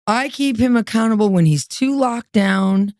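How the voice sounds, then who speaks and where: A woman telling her story as a podcast guest, lively, acting out what others said. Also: fairly high pitch, moderate pace, no room sound, studio quality. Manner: animated, acts out quoted voices.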